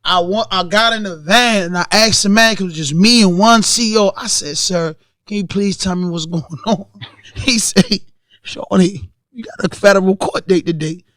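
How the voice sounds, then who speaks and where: A man's voice: sits high, moderate pace, fairly bright tone, no echo, clean studio sound. A man in his thirties with a Baltimore accent, telling stories in a casual podcast chat and acting out the voices of the people in them. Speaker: podcast guest.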